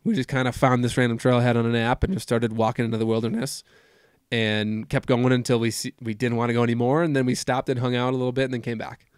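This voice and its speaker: A young man hosting a podcast in casual chat, relaxed and quick to laugh, often restarting his sentences. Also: mid-range voice, smooth, no echo, studio quality. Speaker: podcast host.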